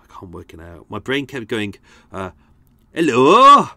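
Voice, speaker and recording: Rambling, sweary podcast host. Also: male voice, sits low, expressive, normal speed, a bit bright, no room sound, clean studio sound. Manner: rambling, sweary and self-mocking. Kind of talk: casual chat.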